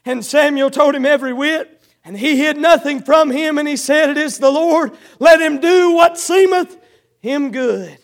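A man preaching a sermon, swinging between shouted exhortation and quiet storytelling with old-fashioned scripture reading. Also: very high-pitched, normal speed.

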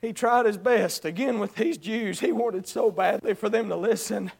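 Man, preacher, very high-pitched voice, sermon, shouting then pleading softly. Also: moderate pace, creaky, breathy edge. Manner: swings between shouted high-pitched exhortation and soft pleading. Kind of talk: evangelistic sermon.

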